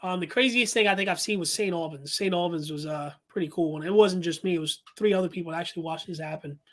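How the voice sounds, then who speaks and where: A man's voice: on the high side, fast, a bit bright. Rambling male paranormal investigator storyteller. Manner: rambling with many fillers and restarts. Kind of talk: casual storytelling.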